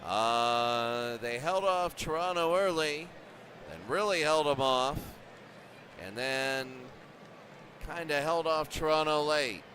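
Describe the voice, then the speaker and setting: A man's voice: a little high, slow pace, bright, forceful tone, a little hiss or hum. A man doing casual play-by-play and recaps of a simulated baseball league, rambling and repeating himself as he goes. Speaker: video game commentator.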